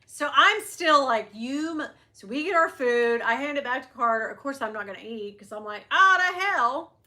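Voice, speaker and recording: A middle-aged woman vlogger telling a story in a chatty, animated way while chatting with viewers. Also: on the high side, moderate pace. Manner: animated, chatty, acts out quotes. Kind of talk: casual storytime, live chat.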